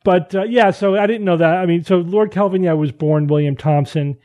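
A man's voice: high-pitched, a little fast, muffled recording. A man hosting a casual science podcast, reading out listener emails and acting out quotes with lots of restarts. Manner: animated, acts out quotes, frequent restarts. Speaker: podcast host.

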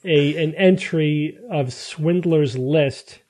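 A man's voice: on the high side, takes it slowly, a little mellow, no room sound. A man moderating a podcast panel, teasing the other hosts in a casual chat. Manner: teasing, joking.

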